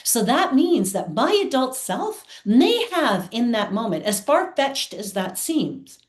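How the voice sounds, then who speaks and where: A woman's voice: a little high, big pitch swings, slow pace. A woman guest on an interview show, telling personal stories in an earnest, heartfelt way. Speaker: guest, theatre producer. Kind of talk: candid personal storytelling. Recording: roomy echo.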